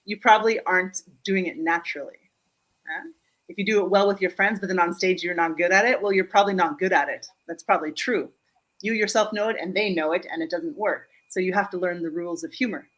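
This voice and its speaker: A woman from Germany, a speaking coach, talking in a live online interview in an animated, joking way, often checking in with "Yeah?". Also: on the low side, dull audio. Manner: animated, joking, quick asides. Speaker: guest speaker and humor coach. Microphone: video call.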